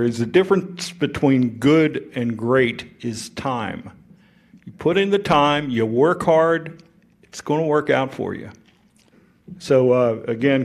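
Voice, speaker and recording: Folksy man emceeing an awards dinner. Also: mid-range voice. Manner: relaxed, folksy, some fillers. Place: banquet hall.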